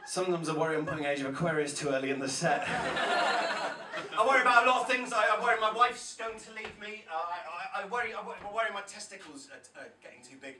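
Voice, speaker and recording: A man's voice: high-pitched, quick pace, distant mic, heavy background noise. A man in his thirties from South-West England, performing an anxious, rambling, self-interrupting poetry set in a pub, often laughing at himself. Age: 30s. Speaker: poet performing a live set. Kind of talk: rambling stand-up poetry patter. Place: pub stage before a live audience. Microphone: stage microphone, often off-mic. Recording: echoey pub room from afar, crowd.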